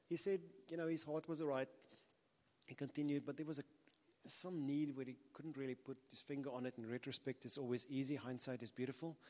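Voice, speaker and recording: A man's voice: medium pitch, a little mellow, in a large hall. A man preaching a sermon in an earnest, conversational way.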